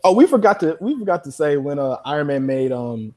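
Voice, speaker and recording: A man co-hosting a podcast in casual chat, retelling scenes excitedly with frequent laughter and slangy talk. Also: a little high, fairly quick. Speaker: podcast co-host.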